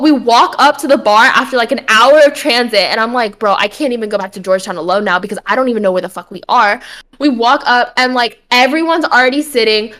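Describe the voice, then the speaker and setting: A young woman with a slightly high voice, chatting casually as a podcast co-host. She tells her story in an animated way, acting out what people said, with plenty of swearing mixed in. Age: young adult. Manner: animated storytelling, acts out quotes, frequent swearing. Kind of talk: casual chat.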